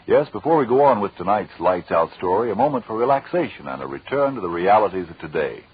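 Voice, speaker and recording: A male announcer reads persuasive 1930s radio ads with emphatic, lively pitch. His voice is very husky and low. The old recording sounds dull. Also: fast.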